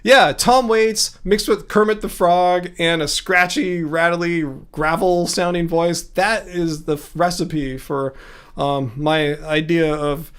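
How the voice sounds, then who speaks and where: A man's voice: fairly high pitch, fairly even intonation, takes it slowly, fairly bright tone, clear, resonant tone. A man hosting a livestream in casual chat, joking, laughing at himself and reacting to comments from chat. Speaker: livestream host.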